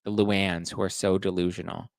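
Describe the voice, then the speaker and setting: A man's voice: low voice, little pitch movement, normal speed, no echo. A man hosting a casual gossip podcast, chatting and reading out audience comments. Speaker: podcast host. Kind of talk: casual pop-culture gossip chat.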